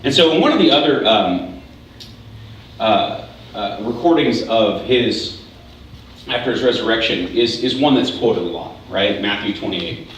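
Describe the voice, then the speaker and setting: A man's voice: on the low side, animated, measured pace, fairly bright tone, recorded from a distance. A man giving a casual, conversational sermon as pastor, often restarting and checking in with "right?" asides. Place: church hall. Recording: very echoey hall, voice from afar, faint hiss.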